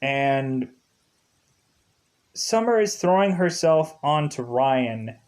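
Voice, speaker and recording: In loose, casual commentary, a man reviews a TV episode, wandering off track, repeating fillers and laughing to himself often. His mid-range, darkish voice is expressive and slow.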